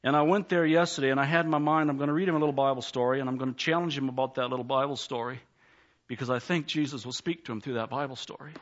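A man's voice: mid-range voice, steady tone, racing, fairly bright tone. A man, a pastor, preaching a sermon in a church, plainspoken and folksy, telling a story before a rising altar call. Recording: slightly dull lo-fi sound.

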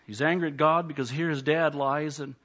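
A man's voice: a little high, fairly even intonation, fairly quick, a bit bright. A man, a pastor, preaching a sermon in a church, plainspoken and folksy, telling a story before a rising altar call. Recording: slightly dull lo-fi sound.

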